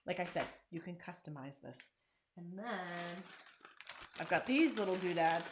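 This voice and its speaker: A woman's voice: lowish voice, measured pace, slight background noise. A woman hosting a casual crafting tutorial, chatting and joking while she works. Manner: chatty and self-deprecating, talks while working. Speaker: craft channel host.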